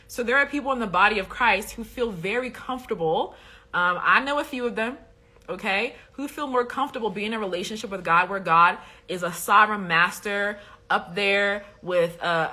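Brief: an emphatic woman host in a casual livestream, bright and a little husky. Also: mid-range voice. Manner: preachy, emphatic, keeps asking "okay?". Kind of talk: casual livestream talk on faith.

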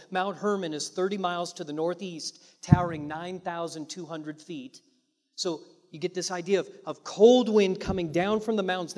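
A male pastor delivers a sermon in a fairly high voice. He talks dramatically, pushing some phrases loud and dropping others almost to a hush. His voice rings out with a long reverb tail from a large hall. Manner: dramatic, swinging from loud emphasis to hushed near-whispers.

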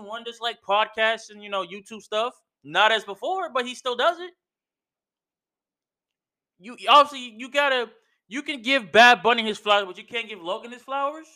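High-voiced man ranting emphatically. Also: bright, forceful tone. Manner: emphatic, slangy, repeats himself, says "bro" a lot. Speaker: podcast host. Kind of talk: casual wrestling opinion rant.

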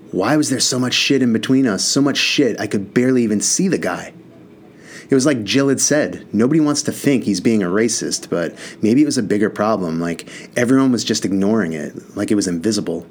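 A man's voice: on the low side, normal speed, slight background noise. A man reading a first-person novel aloud in an earnest, casual voice with mild swearing. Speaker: audiobook narrator.

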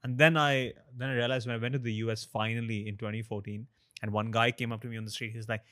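A young man chatting casually, prompting his partner and telling quick stories. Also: mid-range voice, flat delivery, fairly bright tone. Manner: quick, chatty, prompts the other speaker, quick laughs. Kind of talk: casual chat.

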